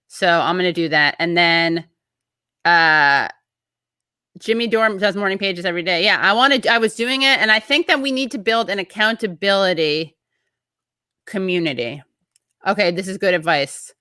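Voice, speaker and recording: Bright, chatty woman hosting a show. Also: lowish voice, moderate pace, clear, resonant tone, no room sound, clean studio sound. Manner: chatty, rambling, breaks off mid-thought. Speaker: show host. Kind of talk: casual livestream chat, reading viewer comments.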